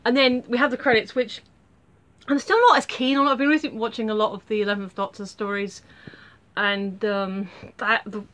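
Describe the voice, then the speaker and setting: A woman's voice: on the high side, steady tone, moderate pace, a bit bright. A woman giving a casual spoken review, chatty and rambling, with lots of fillers and restarts.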